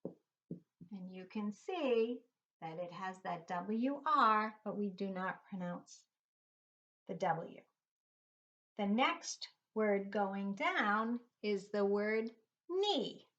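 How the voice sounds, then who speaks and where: A woman's voice: medium pitch, drawn-out words, pauses often, a bit bright. A middle-aged woman teaching a phonics lesson to young children, patiently spelling words out letter by letter. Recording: dull lo-fi recording.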